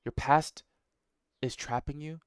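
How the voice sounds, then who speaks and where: A man's voice: fairly high pitch, fairly even intonation, takes it slowly, smooth, no echo. A man giving a blunt, profane motivational talk, full of slang and rhetorical "right?"s. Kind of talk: casual motivational monologue.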